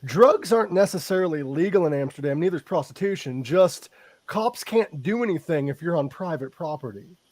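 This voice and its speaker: A man with a notably high voice hosts a casual podcast, chatting easily and passing along trivia he has read. His sound is dry and close, with no room around it. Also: brisk, dry recording. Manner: relaxed, chatty, sharing trivia.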